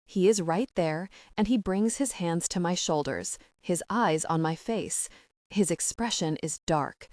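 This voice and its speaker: Low-voiced woman narrating an audiobook. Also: a little slow, a little mellow, no room sound, studio quality. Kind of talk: first-person romance narration.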